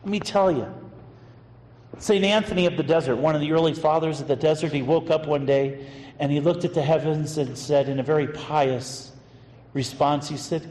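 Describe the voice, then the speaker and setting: A man's voice: on the high side, steady tone, normal speed, a little mellow. A man preaching as a pastor, telling an anecdote in a conversational way with fillers. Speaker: associate pastor. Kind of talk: sermon storytelling. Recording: echoey hall with long reverb and faint noise.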